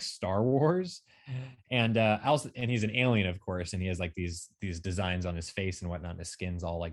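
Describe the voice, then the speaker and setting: A man co-hosting a casual film review show, his voice sitting on the low side. He rambles, circles back and restarts his sentences, with plenty of fillers as he works through his thoughts. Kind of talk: casual chat.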